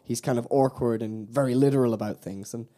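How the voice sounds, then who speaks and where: A man's voice: mid-range voice, fairly quick, mellow. A man co-hosting a podcast in casual chat, rambling and quoting lines with frequent laughs. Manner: rambling, chatty, quotes lines and laughs often. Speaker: podcast co-host.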